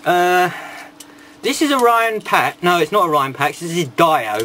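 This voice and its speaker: A man's voice: high-pitched, very animated, measured pace, bright, forceful tone, a little hiss or hum. A man giving a casual toy review, rambling, with irreverent and sarcastic asides.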